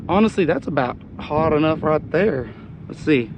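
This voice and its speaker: A man hosting a fishing vlog, talking casually while he cleans and cooks fish, hoarse as he loses his voice. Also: a little high, expressive, normal speed, background noise. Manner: chatty, exclaims often. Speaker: fishing channel host. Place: outdoors on a boat.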